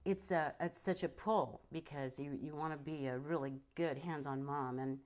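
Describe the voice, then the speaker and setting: A woman's voice: sits low, moderate pace. A middle-aged woman with a trained stage voice, telling stories in an interview and mimicking other people. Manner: animated storyteller who mimics others. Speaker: guest filmmaker and actor. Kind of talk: interview conversation.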